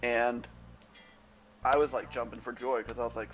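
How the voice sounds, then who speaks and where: A young man tells a meandering story, slipping into the voices of the people he called. His pitch sits in the middle range, and faint music plays behind him. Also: flat delivery, moderate pace, fairly bright tone, poor audio. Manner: rambling, acts out both sides of phone calls. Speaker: podcast co-host. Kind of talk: casual storytelling chat. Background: faint background music.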